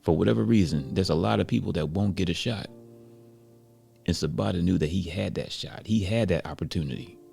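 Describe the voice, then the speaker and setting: Deep gravelly man telling a story. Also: fairly quick, soft background music. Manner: relaxed, reflective, many "you know" fillers. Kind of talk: casual story narration.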